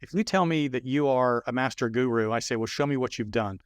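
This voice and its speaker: Older man telling a lively business story. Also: medium pitch, fairly quick, clean tone, no echo, studio quality. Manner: animated storyteller acting out dialogue. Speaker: business consultant guest. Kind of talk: storytelling in a podcast interview.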